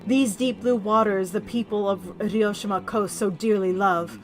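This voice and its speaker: A woman voicing a dying dragon king in a video game, speaking slowly in a grave, formal way. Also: medium pitch, fairly even intonation, close to an everyday voice. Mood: solemn.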